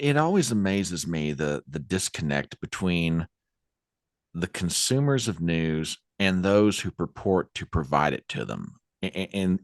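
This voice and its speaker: A man's voice: low-pitched, dry recording, clean studio sound. A man hosting an interview podcast, giving short affirmations and then reflecting thoughtfully in casual chat. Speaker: podcast host.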